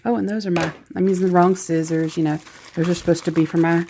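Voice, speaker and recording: A woman's voice: lowish voice, steady tone, fast talker, mellow, slight background noise. A woman with a Southern US accent chatting casually as she opens a craft gift package, gushing and laughing at herself. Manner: gushing, self-deprecating, chatty. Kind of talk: casual unboxing chat.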